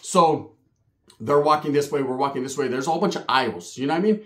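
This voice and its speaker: Animated, slangy man. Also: mid-range voice, fast talker. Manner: profane, slangy, animated storyteller who acts out quoted voices. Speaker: channel host telling a story. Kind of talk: casual storytelling vlog. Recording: roomy echo.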